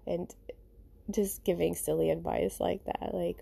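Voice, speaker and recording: A woman's voice: lowish voice, level tone, unhurried, creaky, dark tone, slightly rough, no echo. A woman hosting a podcast, talking in a rambling, informal and reflective way and often saying "you know" and "you guys" while recording at home. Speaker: podcast host. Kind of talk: casual reflective monologue.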